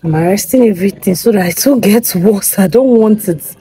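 A family vlogger, a woman with a Nigerian accent, talks casually to her camera in and around a car while running city errands. Her medium-pitched voice is brisk and mellow, and she's chatty and effusive, pleading with viewers for support. The audio is poor, with slight background noise.

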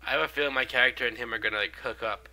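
A man's voice: medium pitch, steady tone, racing, pushed and bright. A young man with a stuffy nose from a cold, rambling through casual gameplay commentary with many fillers. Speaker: gaming video host.

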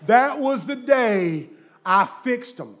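A middle-aged man preaching a sermon, telling jokey stories and swinging from quiet asides to loud bursts. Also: very high voice, lively intonation, takes it slowly. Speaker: guest preacher. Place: church sanctuary with live audience.

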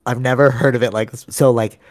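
A man's voice: mid-range voice, fairly even intonation, quick pace, no room sound, studio quality. A sleep-deprived young man co-hosting a podcast, rambling in casual slang and calling his friend bro. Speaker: podcast co-host. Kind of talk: casual chat. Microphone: studio microphone.

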